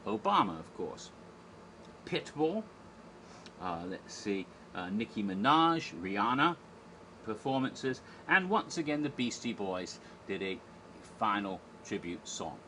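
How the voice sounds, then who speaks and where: A man's voice: on the low side, pushed and bright, slight background noise. Rambling man recapping a show. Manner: rambling, enthusiastic retelling with frequent fillers. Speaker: theme park event historian. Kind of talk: casual narrated recap.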